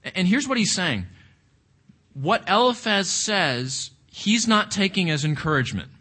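A man's voice: high voice, sing-song, unhurried, pushed and bright. A man leading an interactive Bible study, reflective, often asking the group questions and repeating words as he thinks.

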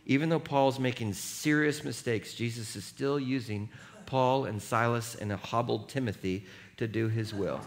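A middle-aged male pastor giving an animated, jokey sermon, laughing at himself and having the congregation read along aloud. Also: medium pitch, normal speed.

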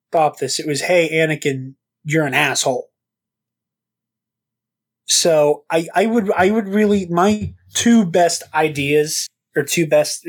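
A man hosting a podcast in casual chat, rambling and stammering, swearing now and then. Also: on the high side. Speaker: podcast host.

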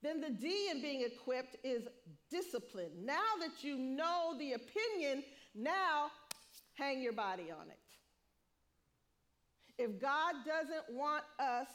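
A middle-aged woman preaching a sermon, lively, laughing often and acting out what people say. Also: sits high.

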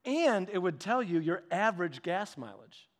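A middle-aged man with a notably high-pitched voice delivers a sermon in a loose storytelling way. He chuckles through his anecdotes and often restarts mid-sentence, keeping the tone playful. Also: normal speed. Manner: animated, humorous storytelling with frequent laughs and restarts. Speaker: pastor.

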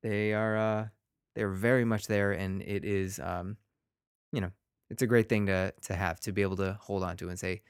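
A man's voice: lowish voice, flat delivery, normal speed, clean tone, dry recording, studio quality. A man, a teacher hosting his own podcast, talking casually and rambling a little, with self-deprecating asides and playful quotes of his students.

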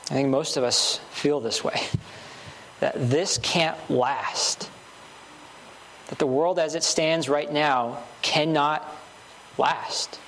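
A man's voice: a little high, slow pace, long pauses, fairly bright tone, slight background noise. A man preaching a sermon earnestly, building emphasis with short repeated phrases.

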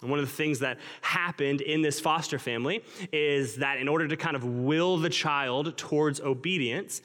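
A pastor delivering a Christmas-season sermon as earnest, conversational storytelling, recorded in a church. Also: male voice, mid-range voice, fairly bright tone. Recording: long reverb of a large hall.

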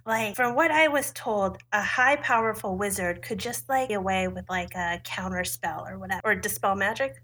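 A woman's voice: medium pitch, moderate pace, hardly any pauses, a bit bright. A woman playing a tabletop game, talking casually with lots of "like". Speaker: player.

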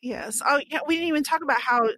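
A woman in casual podcast chat, telling a story with lots of animation and snapping into characters' lines. Her voice sits fairly high and bright. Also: dry recording, low-quality recording. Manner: animated, acts out characters' lines in quick bursts. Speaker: podcast co-host. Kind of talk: casual chat recapping a book and movie.

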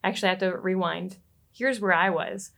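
A woman, a relationship coach, telling a personal story as a podcast guest, lively and quick to laugh. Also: lowish voice, creaky. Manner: animated, laughs often and acts out quoted lines.

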